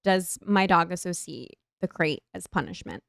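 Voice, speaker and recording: A woman's voice: on the low side, big pitch swings, normal speed, vocal fry, a bit bright, dry recording, clean studio sound. A woman co-hosting a podcast, chiming in to add points in casual chat. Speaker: podcast co-host.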